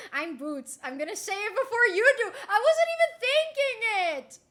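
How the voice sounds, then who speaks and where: A young native Spanish speaker streams casually, playing teacher in a mock Spanish lesson. She giggles and repeats words slowly, her very high voice animated, bright and forceful.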